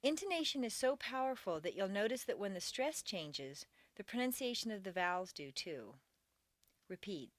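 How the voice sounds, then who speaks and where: A woman reading a scripted pronunciation lesson, slowly drilling word pairs and carefully contrasting their stress. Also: medium pitch, animated, no echo. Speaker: pronunciation teacher.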